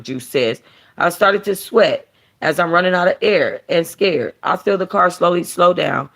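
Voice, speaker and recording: A woman hosting a book club, reading a novel aloud and then chatting casually in an animated, slangy way. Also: lowish voice, a little slow, vocal fry. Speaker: book club host and reader.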